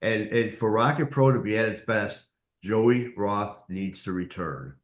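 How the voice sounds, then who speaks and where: A man's voice: lowish voice, a little slow. Encouraging male host in echoey room. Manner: encouraging, upbeat, supportive. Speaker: interview host, reporter. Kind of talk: casual interview chat.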